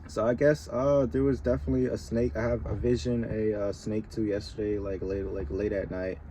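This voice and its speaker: Guy rambling about spiritual signs, low mellow voice, slangy. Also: level tone, brisk, a little hiss or hum. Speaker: spiritual reader. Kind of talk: casual spiritual vlog.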